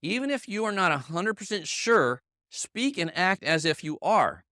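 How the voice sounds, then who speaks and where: A middle-aged man with a bright, forceful voice, a little higher than most men, driving home a motivational sales training. He hammers his points by repeating them, keeps checking in with the room, and turns to colleagues by name. The sound is close and dry. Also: big pitch swings, moderate pace, dry recording. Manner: emphatic, repeats himself, checks in with "okay?" and "right?". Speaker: sales team leader giving a training. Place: meeting room with a live audience.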